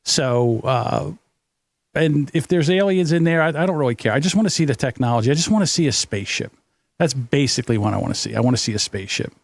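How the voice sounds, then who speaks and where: A man's voice: mid-range voice, lively intonation, vocal fry, dry recording. Rambling man on a podcast panel. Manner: rambling, halting, many fillers. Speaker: podcast competitor. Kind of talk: casual comedic answer.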